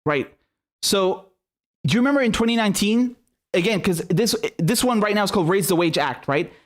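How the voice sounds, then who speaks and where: A man's voice: high voice, lively intonation, brisk. Angry, profane man ranting. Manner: angry, sarcastic, profane, mocking. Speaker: political commentary host. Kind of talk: ranting political commentary.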